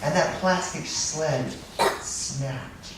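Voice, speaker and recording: A man telling a story out loud, playful and animated, sometimes dropping to a hush. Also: fairly high pitch, extremely slow. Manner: animated, playful, drops to hushed tones. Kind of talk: live storytelling. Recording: distant echoey mic with noise.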